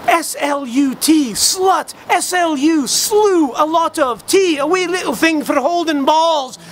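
Guy doing a pub drunk, rambling, swears a lot, really high voice. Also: slow pace, fairly bright tone, slight background noise, full character voice. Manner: ranting, mock-profound, swearing. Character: boozy rambling middle-aged male pub philosopher. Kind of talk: comic monologue.

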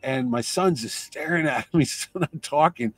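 A man telling a lively anecdote in casual conversation, acting out the voices of the people in his story. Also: medium pitch, moderate pace, dry recording. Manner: animated anecdote teller, acts out voices in quotes. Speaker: comic convention organizer.

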